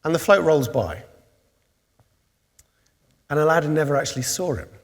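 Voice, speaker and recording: Male preacher, animated storyteller, high-pitched, with a long reverb from the church. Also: moderate pace. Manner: animated storytelling, rising to excited peaks. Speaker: pastor. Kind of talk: sermon.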